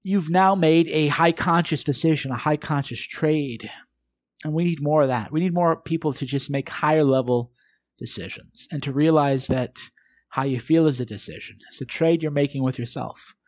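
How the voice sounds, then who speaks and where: A man's voice: on the high side, moderate pace, dry recording. A man hosting his own podcast, delivering an emphatic motivational monologue straight to the listener and peppering it with rhetorical questions. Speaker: podcast host.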